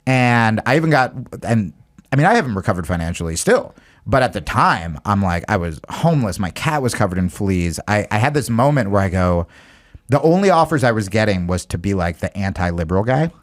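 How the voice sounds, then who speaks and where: Comedian guy guesting, rambly and candid, kinda low voice, self-deprecating. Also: very animated, a little fast. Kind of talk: casual talk-show chat.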